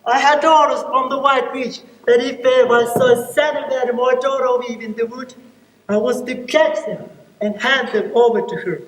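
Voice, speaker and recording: A man's voice: very high voice, fairly even intonation, normal speed, a bit bright. A man playing a remorseful, tearful male faun in a stage play, talking wistfully and pleadingly. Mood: anguished. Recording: echoey stage hall from far off.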